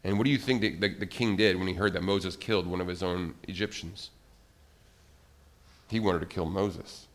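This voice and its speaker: In a low voice at normal speed, a man runs a children's church service, acting out a Bible story with energy. He asks the children questions and picks them out by name.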